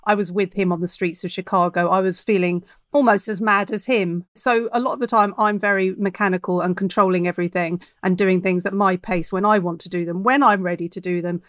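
A woman's voice: mid-range voice, steady tone, fairly quick, a bit bright, no echo, studio quality. A woman author talking about her writing in a podcast interview, chatty and reflective, laughing easily. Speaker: author guest.

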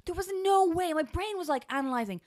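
A woman's voice: very high voice, animated, fast, a little mellow. An Irish woman co-hosting a podcast, chatting casually and telling stories animatedly, acting out the voices of people she quotes. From Ireland. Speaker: podcast co-host. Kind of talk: casual chat.

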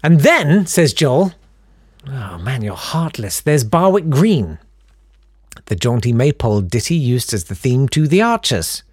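A man's voice: medium pitch, sing-song, a little slow, darkish tone, husky, no room sound, studio quality. A man hosting a podcast in a casual chat, reading out listener emails with chatty, self-deprecating, rambling asides. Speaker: podcast host.

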